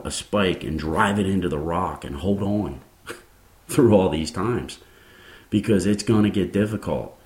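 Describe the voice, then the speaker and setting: A man's voice: low-pitched, a little mellow, reverberant. A man hosting a Christian podcast, preaching in an earnest, rambling way with many restarts and fillers.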